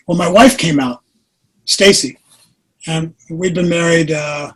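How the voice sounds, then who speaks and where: A man in his sixties, a podcast guest, earnestly telling a personal story with animated delivery. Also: on the high side, normal speed, breathy edge, rough recording. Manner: earnest, animated storyteller who acts out quotes.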